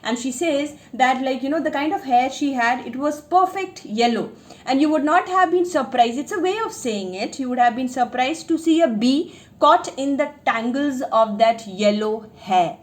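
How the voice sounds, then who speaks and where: A woman teaching English literature, reading a short story aloud and explaining it line by line, talking fast with many fillers and restarts. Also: sits high.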